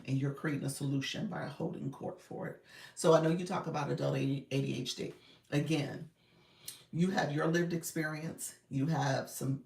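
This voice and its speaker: Laughing, gravelly-voiced woman coach. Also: sits low, distant mic. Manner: animated, laughs often, addresses viewers as y'all. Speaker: coach hosting a live stream. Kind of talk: casual live-stream chat reading comments. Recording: echoey room, voice a bit off-mic.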